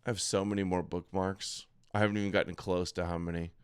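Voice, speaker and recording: A man's voice: deep voice, level tone, fast, clear, resonant tone, no echo. A man hosting a late-night livestream, reacting to clips with sarcastic, dismissive comments. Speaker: livestream host.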